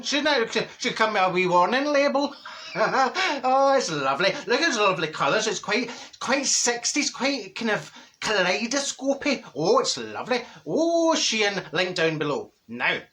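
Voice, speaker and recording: A man's voice: high-pitched, very animated, moderate pace, sharp tone, heavily acted. A man playing a chatty, straight-talking middle-aged Glasgow woman, telling a gossipy comic story in a Glaswegian accent. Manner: gossipy, giggly storytelling with wee asides. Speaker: comedy character host. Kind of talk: comic character monologue.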